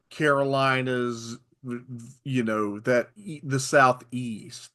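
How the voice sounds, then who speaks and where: Man, softened South Arkansas accent, podcast co-host, casual chat, middle pitch, careful explaining. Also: fairly even intonation, slow, hardly any pauses. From Arkansas, USA.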